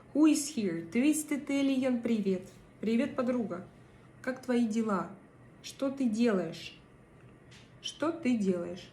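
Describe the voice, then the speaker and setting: A woman's voice: on the high side, darkish tone, reverberant, a little hiss or hum. A woman with a Russian accent, hosting a casual live stream, chatting with her viewers and reading their comments, with many fillers and hesitations. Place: home in Denmark.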